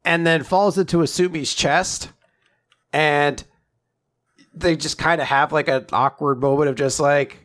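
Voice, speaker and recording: A man's voice: a little high, moderate pace, fairly bright tone. A young man in casual chat, animatedly retelling a chapter and jumping into character voices as he goes. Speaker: podcast co-host recapping a manga chapter.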